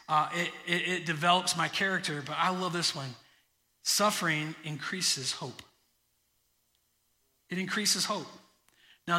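A man preaching a sermon as pastor, emphatic, slowing down to stress key phrases. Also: sits high, pushed and bright. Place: church sanctuary. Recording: church hall reverb.

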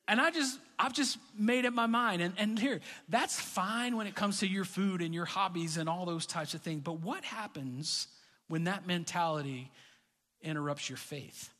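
A middle-aged man preaching a sermon as pastor, telling stories in a conversational way that rises into animated bursts. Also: sits high, normal speed. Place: church hall. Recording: reverberant church hall.

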